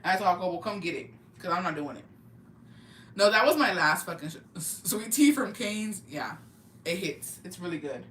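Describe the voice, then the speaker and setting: On a podcast, a young adult co-host tells lively stories in casual chat, cursing freely and sprinkling in slang and Spanish words. The voice is medium-pitched, bright and sharp, at a moderate pace. The mic sits at a distance, so it sounds roomy with faint ambience and slight background noise.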